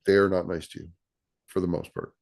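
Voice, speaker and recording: Low-voiced man explaining casually. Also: fairly even intonation, a little fast, vocal fry, darkish tone. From Canada. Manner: repeats words and restarts while explaining. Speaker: guest. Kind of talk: casual conversation.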